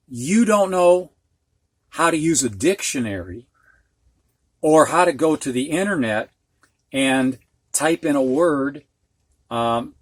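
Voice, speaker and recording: A man teaching reading at a slow, unhurried pace, patiently sounding out long words syllable by syllable. His voice sits at an ordinary pitch and is recorded dry and close, with no room echo. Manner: slow, patient, spells out syllables and gives example sentences.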